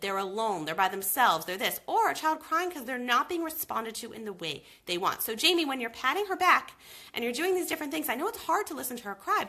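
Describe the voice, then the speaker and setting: A woman in her thirties coaches parents on a live video, her voice bright and a little high. She talks emphatically, swinging her pitch widely as she drives each point home. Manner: emphatic, animated advice with lots of "okay?". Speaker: baby sleep coach. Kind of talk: live video Q&A, talking to viewers.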